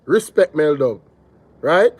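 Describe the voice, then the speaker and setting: A Jamaican man hosts a live reaction stream in an animated, emphatic voice that sits a little high. His sound is dry and close, with no room around it, as he hammers each point home. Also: slow, no echo. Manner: animated, emphatic, repeats points, shouts out viewers. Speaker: reaction show host.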